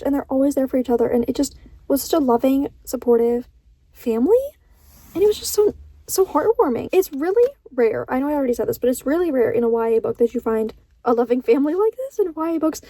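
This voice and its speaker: A high-voiced young woman talks through her reading in a loose, rambling vlog chat. Her tone is mellow rather than bright, and she drifts between earnest thoughts and quick laughs. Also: lively intonation, no echo. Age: young adult. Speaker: book vlogger.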